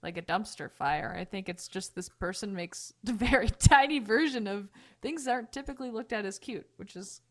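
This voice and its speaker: A woman hosting a casual tech podcast, playful and quick to laugh. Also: mid-range voice, expressive. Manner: giggly, playful. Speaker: podcast host.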